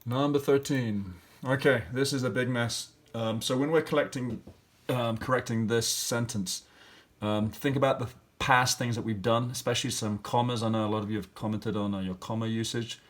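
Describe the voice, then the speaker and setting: A man's voice: medium pitch, steady tone, moderate pace. A male teacher walking through grammar and spelling exercises step by step, thinking aloud with fillers. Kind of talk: classroom lesson walkthrough.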